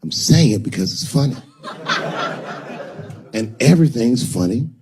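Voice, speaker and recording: A man's voice: medium pitch, very animated, takes it slowly. A man telling stand-up stories conversationally, acting out the people he meets. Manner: conversational storytelling with acted-out voices. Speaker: stand-up comedian. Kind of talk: stand-up storytelling. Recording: reverberant venue with audience noise.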